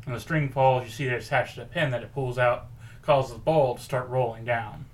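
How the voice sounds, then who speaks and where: A man co-hosting a podcast, pitching a story in rambling casual chat and acting out quoted lines. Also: steady tone, a little fast. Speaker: podcast co-host pitching a movie idea.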